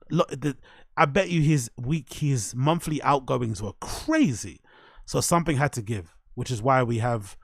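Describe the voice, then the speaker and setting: A British man hosting a show, giving casual reaction commentary in an animated, slangy way with constant swearing. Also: medium pitch, no echo, clean studio sound. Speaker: host.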